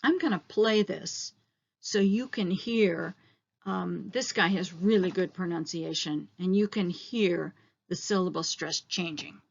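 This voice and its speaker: Woman teacher explaining slowly. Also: fairly low pitch, creaky, muffled recording. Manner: explaining step by step, slowing on key terms. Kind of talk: recorded online lesson.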